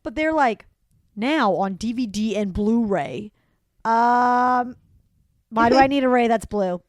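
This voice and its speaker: A young woman co-hosting a podcast, chatting in an animated, rambling way with bursts of excitement. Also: on the high side, takes it slowly, no echo. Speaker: podcast co-host. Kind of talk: casual chat.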